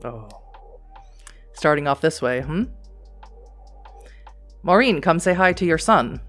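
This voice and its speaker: A man's voice: on the high side, animated, slow, a bit bright, soft background music. A man voicing an overbearing old male vampire prince who teases and scolds theatrically, in a tabletop game. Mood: jovial.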